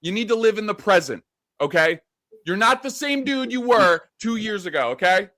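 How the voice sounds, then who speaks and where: A man's voice: high-pitched, animated, normal speed, bright, forceful tone. A man, a professional wrestler, trading in-character trash talk in a taunting, profane, lecturing way.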